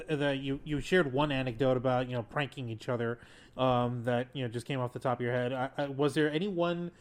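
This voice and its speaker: A male podcast host asks his questions earnestly, pausing often as he gathers his thoughts. His voice is smooth and clean, with a mid-range pitch. His tone stays relaxed and conversational. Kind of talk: casual interview.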